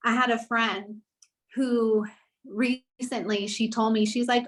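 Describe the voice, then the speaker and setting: A woman's voice: a little high, level tone, measured pace. A young woman telling her personal story in a casual podcast conversation, earnest and rambling, with many "like" fillers. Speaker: guest sharing her story.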